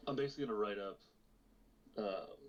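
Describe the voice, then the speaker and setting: A man's voice: on the low side, a little fast, a little hiss or hum. A man playing a tabletop game, asking questions and reading out his character's written notes. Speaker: player. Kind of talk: tabletop role-play chat. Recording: dull lo-fi mic.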